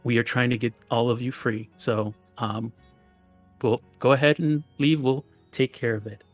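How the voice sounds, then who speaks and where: Brief: a man voicing an earnest heroine, halting, full of fillers, in his own plain voice. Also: medium pitch, steady tone, dry recording, soft background music, close to an everyday voice. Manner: hesitant, many fillers. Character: earnest young woman mediator hero.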